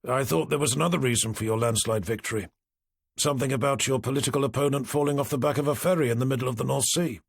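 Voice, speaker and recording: A brooding detective chief inspector who talks in cold, terse mutters, as a man reads him. The voice is slightly husky and close, with a dry sound. He carries a crime audiobook. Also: mid-range voice, fast talker, no room sound.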